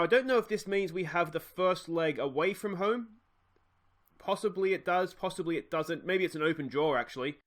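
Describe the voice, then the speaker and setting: An Australian man giving casual let's play commentary, chatty and thinking aloud with frequent fillers and self-corrections. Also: fairly high pitch. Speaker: gaming YouTuber.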